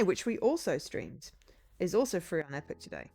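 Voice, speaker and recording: A woman's voice: lowish voice, huge pitch swings, a little fast. A woman streamer giving casual gameplay commentary, chatty and rambling, often laughing. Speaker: game streamer.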